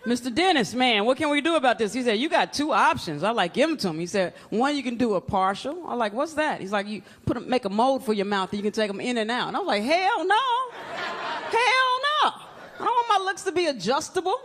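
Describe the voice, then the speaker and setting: A woman's voice: a little high, expressive, fast, few pauses. A woman doing a stand-up comedy set on a club stage, brash and playful, acting out little scenes. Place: comedy club stage in front of a live audience. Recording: live club recording with crowd laughter and noise.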